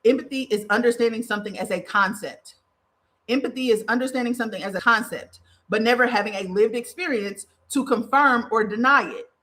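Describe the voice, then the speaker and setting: A woman's voice: fairly high pitch, fairly quick, a bit bright. A young woman hosting a talk show, giving spiritual advice in a blunt, profane, heated monologue that mocks the people she quotes. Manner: blunt, profane, emphatic with mocking quoted voices. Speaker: podcast host and spiritual advisor.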